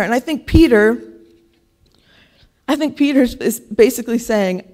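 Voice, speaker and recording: A woman's voice: fairly high pitch, animated, a little slow, pauses often, a little mellow. A woman preaching a casual sermon in church, talking conversationally and often checking in with "right?". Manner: conversational, keeps asking "right?".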